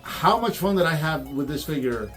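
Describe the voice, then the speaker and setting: Brief: man, toy channel host, lively storyteller, slightly higher voice, faint music under. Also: moderate pace. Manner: animated storyteller, acts out quotes. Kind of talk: casual chat.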